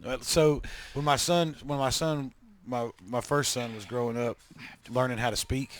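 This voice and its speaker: Guy cohosting a podcast, normal pitch, crude funny stories, acts out the voices. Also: normal speed, slight background noise. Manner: profane, animated storytelling with acted-out voices. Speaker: podcast co-host. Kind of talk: casual chat.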